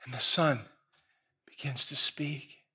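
A male preacher telling a parable in a sermon, swinging from quiet, hushed storytelling to loud, emotional shouting. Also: mid-range voice, steady tone, takes it slowly, husky.

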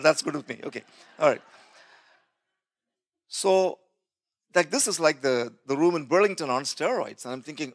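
A man's voice: on the high side, normal speed, fairly bright tone. Storytelling male preacher. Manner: storytelling, acting out quoted voices with laughs. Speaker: pastor. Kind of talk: sermon testimony.

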